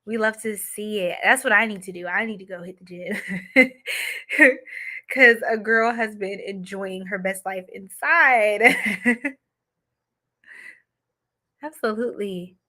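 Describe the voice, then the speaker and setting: Psychic stream host: a woman from New York, slow and playful, laughing often. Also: medium pitch, pushed and bright. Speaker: psychic reader, livestream host. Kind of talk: casual livestream chat.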